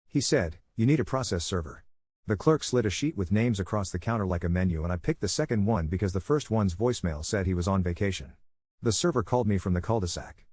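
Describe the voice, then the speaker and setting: Steady low-voiced male story narrator. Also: no echo, studio quality. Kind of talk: scripted first-person story narration.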